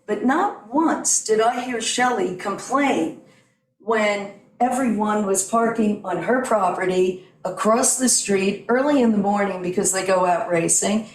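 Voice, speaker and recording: A woman's voice: mid-range voice, a little slow. A middle-aged woman giving earnest, digressive public comment in support of a neighbor at a town meeting. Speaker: neighbor speaking at a public hearing. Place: town meeting room at a podium. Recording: distant mic in an echoey room.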